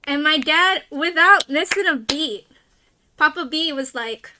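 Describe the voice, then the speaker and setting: A woman VTuber with a New Jersey accent, chatting casually with her stream chat, playful and quick to laugh. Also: high voice, lively intonation, background noise.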